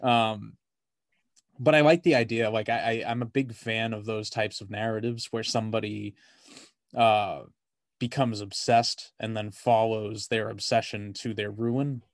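A man's voice: lowish voice, fairly even intonation, unhurried, no room sound. A man co-hosting a podcast, chatting casually about a movie, rambling with lots of "like" and swearing freely. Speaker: podcast co-host.

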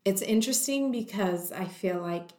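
A woman telling a personal story in a lively way, acting out the voices of the people in it. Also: mid-range voice, moderate pace. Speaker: guest telling her story. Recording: roomy echo.

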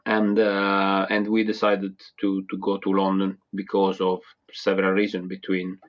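A man from southern Italy speaks English with an Italian accent, pitched a little low. He talks in a halting, casual way full of fillers and restarts. The recording sounds dull and lo-fi. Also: completely flat delivery. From Italy, small town near Naples. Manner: hesitant, many fillers and restarts, laughs often. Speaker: guest. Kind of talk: casual interview chat.

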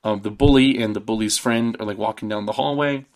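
A man with a somewhat low voice hosts a podcast and retells a horror movie scene by scene. His delivery is casual and rambling, packed with "like" and "um," and he gets animated when he acts out his own reactions. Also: a little fast. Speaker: podcast host.

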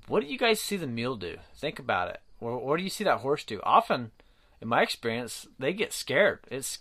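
A man's voice: mid-range voice, a bit bright. A man who runs mule riding clinics, talking casually to viewers in a rambling, folksy way with many fillers and restarts. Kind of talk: casual livestream talk to viewers.

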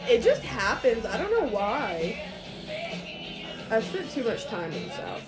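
A young woman, a guest on a casual podcast, chatting in relaxed, joking banter. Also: a little high, unhurried, over loud music, low-quality recording. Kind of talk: casual chat.

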